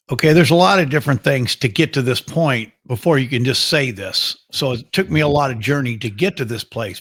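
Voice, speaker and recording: A man talking as a guest on a faith podcast, sincere and reflective, with steady conviction. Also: medium pitch. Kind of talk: casual faith podcast conversation.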